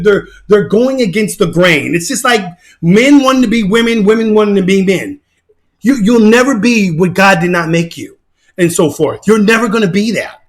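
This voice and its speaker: An excitable man talks over a fight video in casual commentary, laughing and repeating himself. His voice is very high and bright, and it swoops up and down in a lively way. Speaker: channel host.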